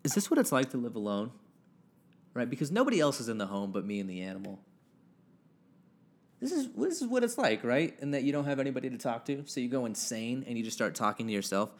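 A young man hosts a casual solo podcast from his house, where he's alone with his dog, rambling, joking at his own expense and swearing casually. His medium-pitched voice is very animated and fast, caught microwave-close on a home podcast mic with the gain turned up.

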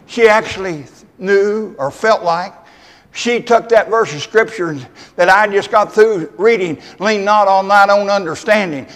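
A man's voice: high-pitched, big-room sound. A man, a pastor preaching a folksy, conversational sermon, bantering with his congregation. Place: church.

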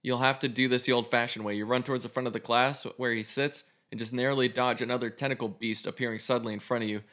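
A man's voice: mid-range voice, fairly even intonation, fast talker, fairly bright tone. A man casually reading an interactive adventure story aloud as host, with a loose, swearing delivery. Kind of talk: reading a choose-your-own story aloud.

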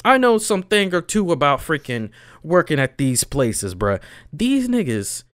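Young man, casual storyteller, lively pitch, slangy, dry close sound. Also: measured pace, dry recording. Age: young adult. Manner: animated, slangy, swings between loud and low.

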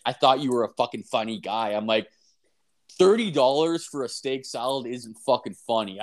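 A young man, rambling and profane, telling an animated anecdote in casual chat with filler words everywhere. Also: medium pitch. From Canada. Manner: animated, acts out voices in anecdotes.

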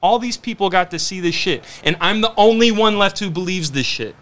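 A man co-hosting a podcast in casual chat, animated and profane, acting out quotes as he talks. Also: sits high, a little fast. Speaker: podcast co-host.

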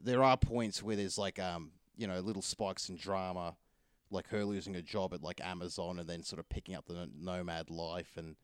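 A man's voice: deep voice, steady tone, normal speed, smooth, dry recording, studio quality. A man chatting casually about films, rambling with lots of fillers and restarts. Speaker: film reviewer. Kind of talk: casual film review chat.

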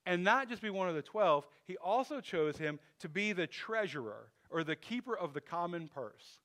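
Man, pastor, conversational sermon, restarts and asides, slightly high voice. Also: very animated, normal speed, fairly bright tone.

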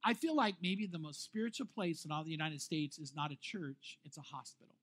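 A middle-aged man, a pastor, telling a personal story in a sermon with animated restarts and laughs. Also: a little high, a little fast.

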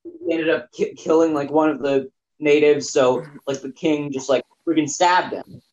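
Quirky, gimmicky young guy, played by a man, excitable rambler, slightly high voice. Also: normal speed, roomy sound, highs cut off, slight background noise, lightly acted. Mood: storytelling. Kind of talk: improvised comedy podcast.

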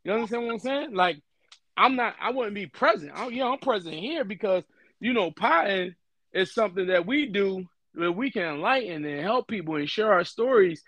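A man's voice: sits high, lively intonation, moderate pace, sharp tone, no room sound. A young man talking on a podcast, earnest and emphatic, often repeating himself. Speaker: podcast host. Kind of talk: casual podcast talk.

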